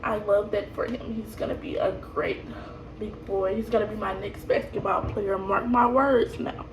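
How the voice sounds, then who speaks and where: A woman's voice: mid-range voice, steady tone, moderate pace, noisy background. A young woman telling her birth story casually, rambling and laughing, with lots of fillers and restarts. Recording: echoey room, voice from a distance.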